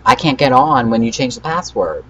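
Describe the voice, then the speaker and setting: A teenage guy vlogger casually recapping a drama story, rambling with fillers and flatly reading out chat messages. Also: medium pitch, normal speed, slightly rough, rough recording. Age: teens.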